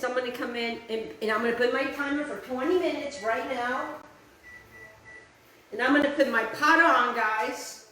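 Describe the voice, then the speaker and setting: A woman's voice: high voice, a bit bright, heavy reverb, a little hiss or hum, poor audio. A woman hosting a cooking show, chatting casually to her viewers as she demonstrates a recipe in her kitchen. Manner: chatty, addresses viewers as guys, repeats "just like that".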